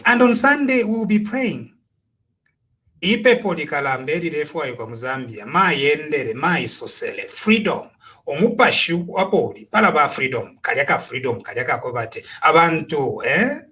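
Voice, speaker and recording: A man's voice: fairly high pitch, very animated, normal speed, pushed and bright. A man with a Zambian accent giving impassioned, preachy political commentary, full of rhetorical questions. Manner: preachy, rhetorical, switching between Bemba and English.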